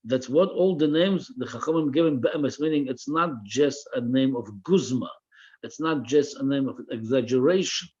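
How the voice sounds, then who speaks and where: A man's voice: mid-range voice, normal speed, darkish tone, breathy edge, lo-fi sound. A man teaching a religious text class, reading each phrase aloud and translating it line by line, often repeating words while he searches for the right translation. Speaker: Torah teacher.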